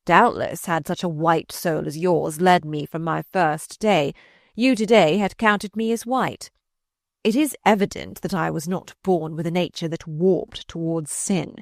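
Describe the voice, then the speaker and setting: A woman reading aloud voices a sardonic, malicious older male courtier who mocks in slow, drawn-out phrases. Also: lowish voice, dry recording, clean studio sound. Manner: mocking, drawn-out.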